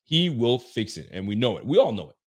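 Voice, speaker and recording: Excitable man ranting about football. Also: mid-range voice, fairly quick, breathy edge. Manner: excitable, ranting, laughs often. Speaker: sports fan commentator. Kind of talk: casual reaction commentary.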